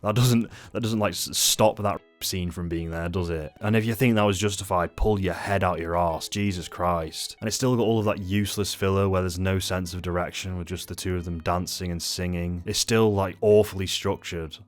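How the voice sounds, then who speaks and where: A man's voice: low-pitched, fairly even intonation, normal speed, hardly any pauses. A man angrily ranting through an unscripted film review, swearing often and rambling. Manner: angry, profane, rambling. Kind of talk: unscripted rant-style review.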